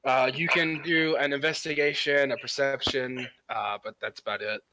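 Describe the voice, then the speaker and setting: A man narrating as game master, halting with many fillers. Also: medium pitch, steady tone, sharp tone, a little hiss or hum, rough recording.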